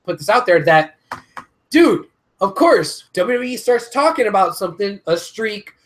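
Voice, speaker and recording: A man's voice: high voice, moderate pace. A man co-hosting a casual wrestling talk show, ranting with lots of swearing. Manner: animated, ranting, swears a lot. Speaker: podcast co-host.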